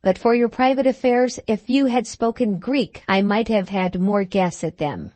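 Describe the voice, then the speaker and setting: A woman's voice: mid-range voice, normal speed, a little mellow, no echo, natural voice. A woman reading an audiobook speaks the lines of a shy but proud young country lad in an earnest, formal manner.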